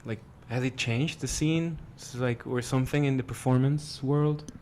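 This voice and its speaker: A man's voice: medium pitch, steady tone, normal speed, a little mellow, slight background noise. A man moderating a panel, asking a long, hesitant question full of restarts.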